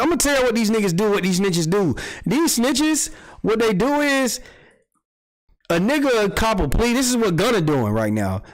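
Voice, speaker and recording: A man hosting a casual livestream, telling street gossip in an animated, profane style and acting out quotes. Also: high-pitched, low-quality recording. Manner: animated storytelling, acts out quotes, swears freely. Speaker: podcast host.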